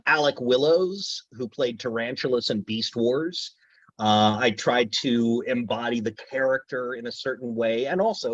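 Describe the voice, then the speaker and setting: A man's voice: mid-range voice, slightly rough, no room sound, lo-fi sound. A man speaking as a voice actor guest in a casual interview, telling stories with enthusiasm. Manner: enthusiastic, storytelling, drops into character voices.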